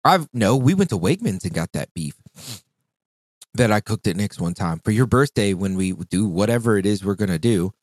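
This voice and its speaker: A young man with a fairly low voice tells loose, rambling stories in casual podcast chat, swearing freely and acting out other people's lines. The recording is dry and close, with no room sound. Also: animated, moderate pace, a little mellow, no room sound. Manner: rambling storyteller, swears a lot, acts out quotes. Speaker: podcast co-host.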